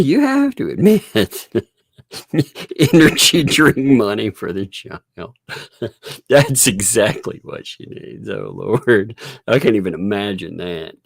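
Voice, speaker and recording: A man's voice: lowish voice, gravelly, slightly rough, no echo, clean studio sound. A man hosting a casual commentary video, laughing often in a mocking, amused way and repeating and restarting words.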